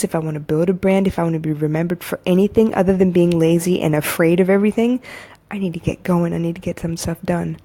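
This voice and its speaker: Soothing low-voiced woman coaching. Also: mellow. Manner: candid, repetitive, rising to emphatic urging. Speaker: podcast host and coach. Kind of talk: casual motivational monologue. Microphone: phone.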